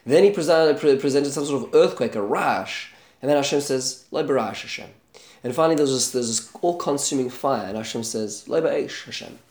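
A man with a voice of ordinary pitch teaches a Bible lesson in a relaxed storytelling way. He drops Hebrew terms and verses into his English and briefly acts out the characters' lines. The recording has a noticeable room echo. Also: a little fast.

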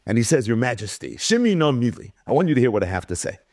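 A man's voice: mid-range voice, fast. A man teaching a Talmud lecture. He reads Hebrew and Aramaic lines, translates them, and tells the story with animation. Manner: animated storytelling, acting out quoted speakers. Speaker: Torah teacher.

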